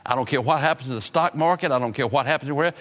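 Preacher man in an echoing hall. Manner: dramatic swings from loud to low, drawn-out phrases. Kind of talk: sermon. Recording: long hall reverb.

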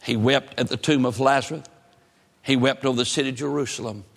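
A man's voice: medium pitch, steady tone, fairly quick, creaky. Earnest man preaching in a reverberant church. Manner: earnest, repetitive emphatic preaching cadence. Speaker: pastor. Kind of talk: sermon. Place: church sanctuary.

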